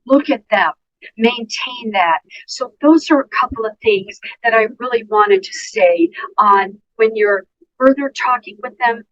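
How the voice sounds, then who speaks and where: A woman's voice: a little high, a little slow, fairly bright tone, low-quality recording. A woman nurse, a guest on a podcast interview, giving earnest, emphatic advice and speaking directly to listeners. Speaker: guest nurse and dementia care educator.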